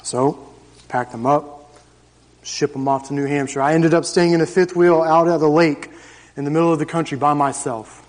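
This church member, a man in his thirties, gives his testimony at a church service in an echoing hall. His fairly high voice keeps a steady tone at a moderate pace as he tells his story to the congregation in an emphatic, conversational way.

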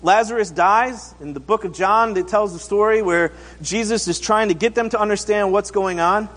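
High-voiced man preaching in a reverberant hall. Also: moderate pace, fairly bright tone. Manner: casual, acts out quotes, asks the congregation questions. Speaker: pastor. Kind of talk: conversational sermon.

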